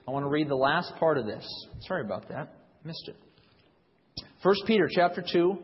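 A young adult man preaching a sermon, talking conversationally with frequent restarts and reading scripture with rising emphasis. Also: a little high. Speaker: pastor. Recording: dull sound with long reverb in a hall.

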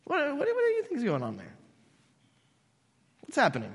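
A man preaching a casual, animated sermon, telling stories conversationally. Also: extremely high pitch, normal speed. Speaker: pastor. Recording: long hall reverb.

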